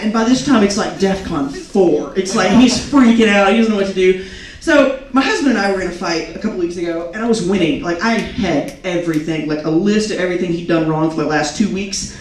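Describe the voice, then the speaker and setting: A woman's voice: medium pitch, brisk. A young woman performing a stand-up comedy set, telling self-mocking stories and acting out quotes. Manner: animated, self-mocking storytelling with acted quotes. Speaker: stand-up comic. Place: comedy club stage. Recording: echoey club recording from a distance, crowd noise. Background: audience laughing.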